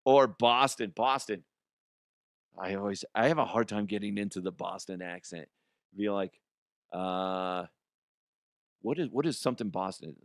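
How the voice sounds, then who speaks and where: A man's voice: on the low side, unhurried, pauses often, no room sound, clean studio sound. A man hosting a comedy podcast, rambling through a crude monologue, giggling and swearing.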